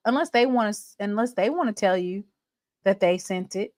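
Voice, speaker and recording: A woman's voice: medium pitch, normal speed, darkish tone, no room sound. A woman hosting a live sports talk stream, chatting straight to her viewers in a sassy, gossipy way. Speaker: livestream sports show host.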